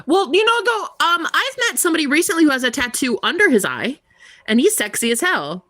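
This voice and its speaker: A woman's voice: sits high, very animated, fairly quick, pushed and bright, dry recording, studio quality. A young American woman, a tarot reader, chatting casually and giggling with her live viewers, rambling with lots of "like". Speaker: tarot reader livestream host.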